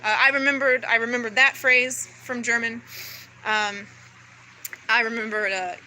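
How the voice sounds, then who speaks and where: A woman's voice: fairly high pitch, fairly even intonation, measured pace, pushed and bright, a little hiss or hum, poor audio. A woman vlogger in a rambling spiritual monologue to camera, swearing a lot and talking intensely, with many restarts and fillers.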